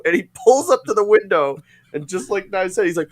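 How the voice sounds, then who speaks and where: A man's voice: sits high, expressive, a little fast. A man co-hosting a podcast, telling a story in casual chat and acting out the quotes. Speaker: podcast co-host.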